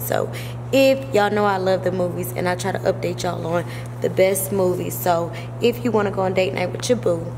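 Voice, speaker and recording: A woman's voice: mid-range voice, gravelly, background noise. A woman vlogging casually at home, chatty and slangy, laughing often. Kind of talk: casual vlog chat.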